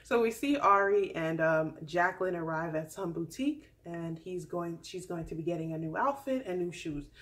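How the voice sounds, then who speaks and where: A woman's voice: on the low side, moderate pace, few pauses, fairly bright tone. A woman in her twenties giving a sassy, candid recap in a casual chat with playful asides. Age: 20s. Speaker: vlogger recapping a reality dating show.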